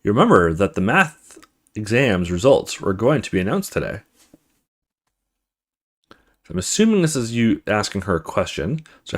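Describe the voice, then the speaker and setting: A young man hosting a let's play, reading a visual novel's text aloud with stumbles and quick asides. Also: fairly low pitch, very animated.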